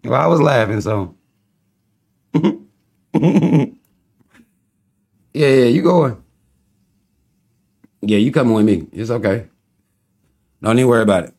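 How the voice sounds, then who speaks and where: A man's voice: medium pitch, slow, pauses often, darkish tone, slightly rough. Laughing man riffing on a livestream. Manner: laughs often, loose, mocking and rambling. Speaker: livestream host reading viewer comments. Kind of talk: casual livestream chat.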